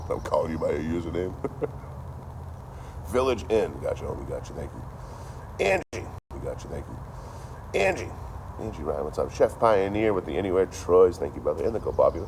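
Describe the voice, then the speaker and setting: A man's voice: low-pitched, big pitch swings, normal speed, gravelly, long pauses, darkish tone, slight background noise. A man in his thirties chatting casually on a livestream, with a dry, joking delivery and a lot of swearing. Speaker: livestream host.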